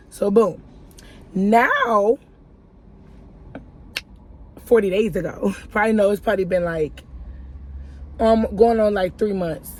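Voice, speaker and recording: A woman's voice: medium pitch, measured pace, long pauses, darkish tone. A woman giving a casual life-update vlog, telling a long story in a chatty way and speaking straight to her viewers. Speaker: YouTuber.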